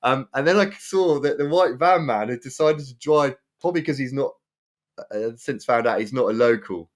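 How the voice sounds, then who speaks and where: A man telling a story in casual podcast chat, animated and prone to repeating himself. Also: mid-range voice, normal speed. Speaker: podcast co-host.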